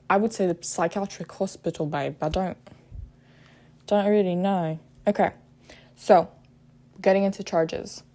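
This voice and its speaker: Her voice is fairly low and warm as she casually walks through a true crime case. She keeps tripping over her words and starting again, says "um" often, and interjects with blunt, profane comments.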